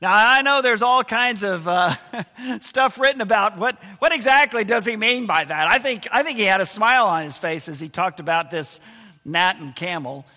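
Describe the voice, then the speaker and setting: Guy preaching in church, high bright voice, long reverb, stretches out key words then drops real quiet. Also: animated. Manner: emphatic preaching, slowing to stress key words, voice dropping low and quiet at times. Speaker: pastor. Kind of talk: sermon.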